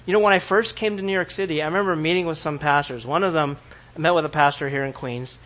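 Animated, bright-voiced male preacher. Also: on the high side, fast talker. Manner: animated, acts out quoted voices, laughs often. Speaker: pastor. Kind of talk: sermon.

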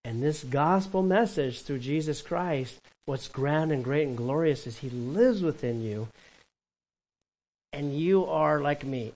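Animated conversational male pastor preaching. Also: fairly high pitch, slow, poor audio. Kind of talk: sermon.

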